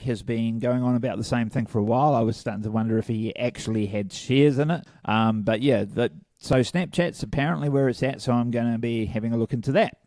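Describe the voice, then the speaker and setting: A man's voice: medium pitch, mellow, no echo, studio quality. A man co-hosting a casual podcast, hungover, rambling and self-deprecating, laughing often. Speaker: podcast co-host. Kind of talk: casual chat.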